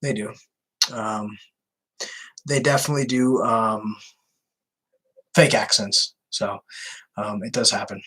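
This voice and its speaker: A man's voice: fairly low pitch, steady tone, slow pace, long pauses, a bit bright, slightly rough, poor audio. A man who baits scammers, answering viewer questions in a chatty Q&A livestream, repeating himself with many fillers. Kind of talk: casual Q&A livestream.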